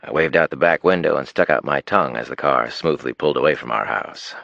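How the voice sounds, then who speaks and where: A man narrating an audiobook, with an expressive reading that turns hushed in tender moments. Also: very deep voice, a little fast, creaky, no room sound. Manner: expressive reading, drops to a hushed tone in romantic passages. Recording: dull dry studio recording.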